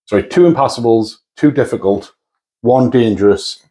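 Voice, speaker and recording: Easygoing rambling man at mid pitch. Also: normal speed, dark tone, low-quality recording. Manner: easygoing, rambling, self-correcting. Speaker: co-host of a tabletop wargaming channel. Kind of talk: casual chat.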